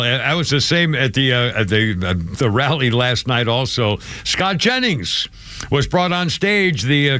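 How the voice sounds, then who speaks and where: An older man hosts casual talk radio, rambling and using lots of fillers. His medium-pitched, slightly bright voice comes through a close studio microphone with a dry sound and no echo.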